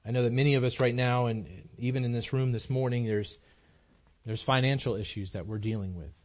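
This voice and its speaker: Heard in lo-fi sound, this mid-range voice moves briskly with a steady tone. The man is a pastor giving a sermon at a small church, building his points through emphatic repetition and frequent restarts, all delivered earnestly.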